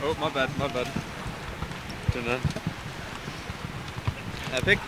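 A man's voice: mid-range voice, steady tone, slow. A man tagging along with the host and taunting protesters outdoors in a jeering way. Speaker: host's companion. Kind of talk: mocking banter. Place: outdoors by a street. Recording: loud outdoor noise.

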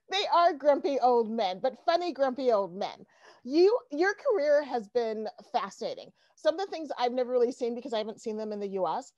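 A woman from Iowa hosts a casual interview, talking in a chatty way with frequent "um" pauses. Her voice sits a little high. The recording is muffled and very dry, with no room sound. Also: big pitch swings, a little mellow, no echo. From Iowa, USA. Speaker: interviewer, host.

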